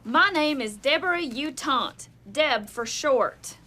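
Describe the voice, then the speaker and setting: A woman's voice: sits high, animated, takes it slowly, sharp tone, heavily acted. A woman in a sitcom, speaking sweetly and playfully and putting on a drawl for a party game. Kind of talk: sitcom dialogue.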